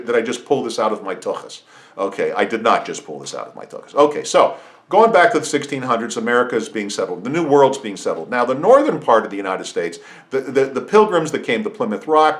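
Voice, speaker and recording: A middle-aged man hosting a podcast, talking through an opinionated monologue with frequent restarts and asides. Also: mid-range voice. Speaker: podcast host. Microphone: podcast microphone.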